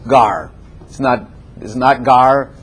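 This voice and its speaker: A male preacher with a husky, slightly rough voice delivers a lively sermon to a congregation in a church room. He repeats his points, laughs between lines and throws questions at the listeners. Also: medium pitch, takes it slowly. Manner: animated, repetitive, laughs often and quizzes the congregation. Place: church room with chairs and a plant.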